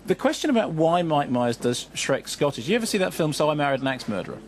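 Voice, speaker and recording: Fast, gravelly film critic. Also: male voice, a little high, sing-song, a little hiss or hum. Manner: fast, digressive and wry, with many asides. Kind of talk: radio film review.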